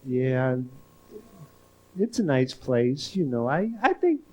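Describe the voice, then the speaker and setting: A man in his thirties doing live stand-up on a club stage, talking in a swooping voice with odd pauses and sudden squeaks. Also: very animated, warm tone. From northern United States. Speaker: stand-up comedian.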